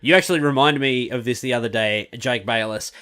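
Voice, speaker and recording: A man's voice: mid-range voice, brisk, a bit bright, clean tone. A young man hosting a podcast, bantering and joking in casual chat.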